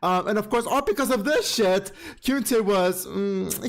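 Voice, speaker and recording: Speaking at a measured pace in a high voice, this male podcast host runs through comic recaps with plenty of sass. Swearing and dramatic, repeated exclamations fill his casual, expressive show.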